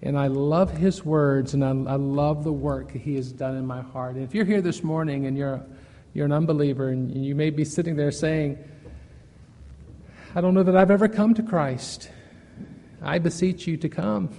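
A man preaching a sermon to his church, earnest, moving from loud emphasis to soft pleading. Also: a little high, steady tone, normal speed, long reverb tail. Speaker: pastor.

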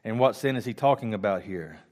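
A man with a lowish, darkish voice teaches Bible study in an animated way. After reading scripture aloud, he goes back over it slowly with restarts and casual asides, recorded close-miked.

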